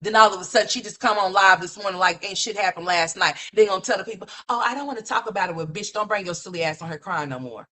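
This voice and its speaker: Lady streamer going off on somebody, lots of swearing and rhetorical questions, kinda low voice. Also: quick pace, few pauses, sharp tone. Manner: blunt, mocking, swears constantly, rhetorical questions. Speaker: livestream commentary host. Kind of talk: profane gossip commentary rant.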